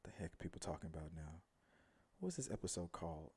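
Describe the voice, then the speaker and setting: Male host, casual live review, lively up-and-down delivery, rambles and mumbles. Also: sits low, quick pace, breathy edge. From Houston, Texas area. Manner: rambling, animated, trails off to mumbles. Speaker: show host.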